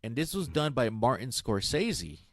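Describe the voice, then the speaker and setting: A man's voice: mid-range voice, sing-song, measured pace, no echo. A man in casual chat, rambling with lots of fillers and restarts. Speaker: guest on a comic stream.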